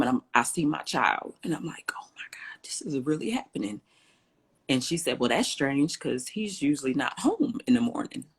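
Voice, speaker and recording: A woman guest in an interview, telling a personal story with lively, acted-out dialogue. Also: deep voice, slightly rough. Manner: animated storyteller, acts out quoted dialogue.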